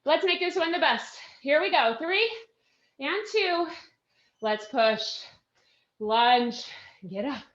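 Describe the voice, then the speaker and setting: Woman fitness instructor, high voice, winded, upbeat cheering, measured delivery. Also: expressive, fairly bright tone, reverberant, highs cut off. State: out of breath. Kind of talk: live workout class coaching.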